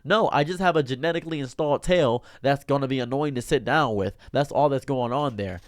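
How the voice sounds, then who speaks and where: A young man streamer giving an exasperated, animated ranting commentary. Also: mid-range voice, a little fast, hardly any pauses.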